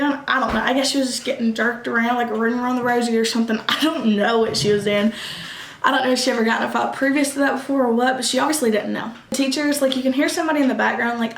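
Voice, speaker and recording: A young woman, telling a casual storytime vlog, animated and quick, acting out what others said. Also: a little high. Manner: animated, quick bursts, acts out quoted voices. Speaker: vlogger. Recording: echoey room.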